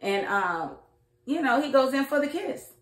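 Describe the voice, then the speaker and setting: A woman's voice: sits high, very animated, measured pace. Chatty woman recapping a show, roomy sound. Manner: chatty, acts out characters' lines; colloquial, outspoken. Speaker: TV show reviewer. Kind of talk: casual recap and review. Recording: roomy echo.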